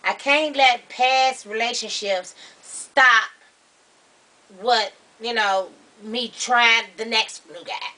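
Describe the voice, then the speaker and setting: A bubbly, chatty woman visits as a guest on a vlog. She talks in a bright, sharp tone at a fairly high pitch. Her voice sounds a little distant from the mic. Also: slow. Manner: bubbly, chatty, loud bursts of laughter. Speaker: guest vlogger. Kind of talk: casual chat.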